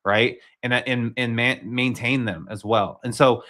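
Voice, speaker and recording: A man's voice: medium pitch, steady tone, measured pace, bright, forceful tone. Rambling man hosting a livestream. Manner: rambling, filler-heavy, frequent restarts. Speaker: livestream host. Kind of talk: casual livestream commentary.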